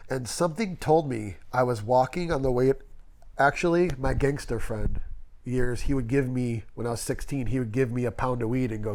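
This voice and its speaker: A man's voice: medium pitch, a little fast, a little mellow. A middle-aged man, a tattoo artist guest, telling long, rambling stories in a casual interview and acting out the people he quotes.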